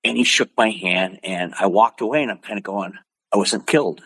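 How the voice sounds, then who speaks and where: An older man from Oregon, a martial arts instructor telling stories as an interview guest, lively and acting out quotes. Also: lowish voice, a little fast, gravelly, breathy edge, dry recording. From Oregon, USA. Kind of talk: animated storytelling.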